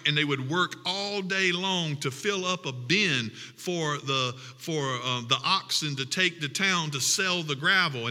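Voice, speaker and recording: Bright-voiced male pastor preaching in a reverberant hall. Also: fairly high pitch. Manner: preaching with rising emphatic passages and humorous asides. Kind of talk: sermon.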